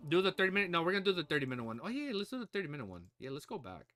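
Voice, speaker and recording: A man hosting a livestream reaction, chatting excitedly with viewers and his puppy. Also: fairly high pitch, very fast, soft background music. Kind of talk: casual livestream reaction chat.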